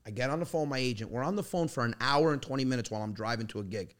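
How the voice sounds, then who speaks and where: A comedian telling family stories in an animated, casual chat. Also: male voice, medium pitch. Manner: animated, rapid storyteller, laughing. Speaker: comedian guest.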